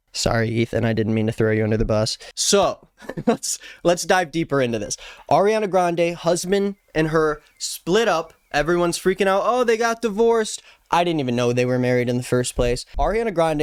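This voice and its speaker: Playful young man, smooth dry voice. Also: medium pitch, no echo. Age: 20s. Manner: playful, jokey asides. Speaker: commentary YouTuber. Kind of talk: casual commentary. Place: Los Angeles.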